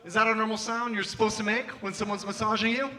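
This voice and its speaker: A young man doing a stand-up comedy set, animated and acting out scenes in put-on voices on a club stage. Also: high-pitched, fast, very noisy.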